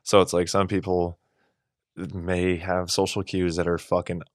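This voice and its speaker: A man's voice: low-pitched, little pitch movement, a little slow, dry recording, studio quality. Rambling, foul-mouthed podcast co-host man. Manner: loose, rambling, profane. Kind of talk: casual late-night chat.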